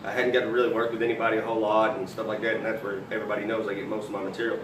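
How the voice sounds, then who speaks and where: A man's voice: fairly low pitch, flat delivery, racing, noisy background. Rambling man telling stand-up stories. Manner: rambling, many fillers and restarts. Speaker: comedian. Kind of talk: stand-up storytelling. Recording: roomy, from a distance.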